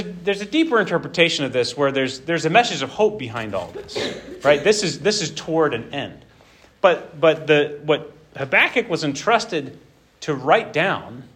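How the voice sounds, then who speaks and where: A man preaching an expository sermon in an animated, conversational way, acting out the scripture. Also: fairly high pitch.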